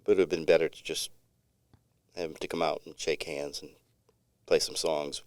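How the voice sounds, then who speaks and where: A man's voice: very deep voice, flat delivery, moderate pace, darkish tone, clear, resonant tone, no echo. A middle-aged man co-hosting a podcast, telling a long story in a rambling, laid-back way with many restarts. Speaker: podcast co-host. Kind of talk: casual storytelling chat.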